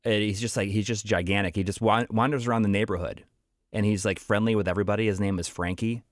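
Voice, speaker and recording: Low-voiced man rambling in casual chat. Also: fairly even intonation, quick pace, no room sound, studio quality. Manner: rambling, many restarts and fillers; laughs easily. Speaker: podcast co-host.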